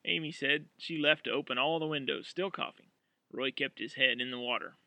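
A man narrating an audiobook in an expressive, dramatic way. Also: fairly high pitch, fairly quick, gravelly, no room sound.

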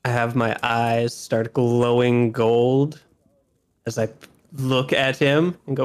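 A man's voice: mid-range voice, flat delivery, slow, clear, resonant tone. A man playing a tabletop game, with joking, sarcastic quips. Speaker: player. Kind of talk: casual tabletop play.

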